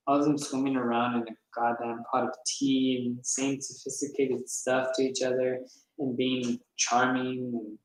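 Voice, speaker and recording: A man's voice: mid-range voice, darkish tone. A man reads a novel aloud in an easygoing first-person voice, stumbling over a word now and then. His voice sits in the middle range, and the room echoes heavily around him. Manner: casual first-person storytelling with some stumbles. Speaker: reader. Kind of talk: audiobook reading of a novel.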